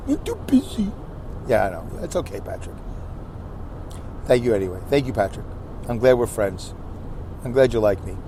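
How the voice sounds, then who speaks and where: A middle-aged man, a podcast host and comedian, rambling through a joking, self-deprecating monologue and acting out the voices he quotes. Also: medium pitch. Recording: faint background noise.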